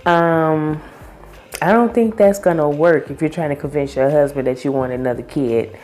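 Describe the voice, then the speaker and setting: A woman's voice: deep voice, normal speed, a little mellow, soft background music. A woman vlogger recapping a TV episode in a chatty, opinionated, slangy way. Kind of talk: casual TV recap chat.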